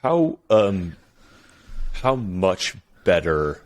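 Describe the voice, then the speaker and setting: Deep-voiced man asking probing questions. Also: very slow. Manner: probing questions, steady advice. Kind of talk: casual podcast conversation.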